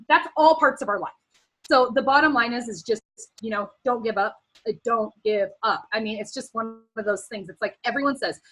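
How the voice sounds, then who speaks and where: A bright, slightly husky woman talks on a team video call. She is earnest and encouraging, rambling with fillers as she gives advice, and at times she sounds close to tears. Her pitch sits a little high. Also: low-quality recording. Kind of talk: casual motivational talk on a video call.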